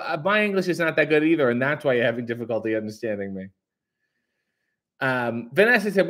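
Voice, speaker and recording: A man hosting a casual live stream and reading out viewer comments. He rambles and jokes with a sarcastic edge, and his pitch is lively and swings a lot. His voice sits in an ordinary middle range for a man. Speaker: livestream host reading chat.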